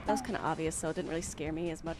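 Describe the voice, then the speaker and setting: A woman streaming, excitable and swearing freely in casual chat. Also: low-pitched, very fast, loud music behind the voice.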